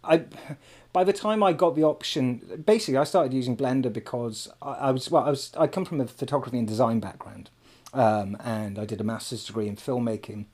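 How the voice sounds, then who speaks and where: Man, mid-pitched voice, playful joking podcast chat, stammered restarts. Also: brisk, darkish tone.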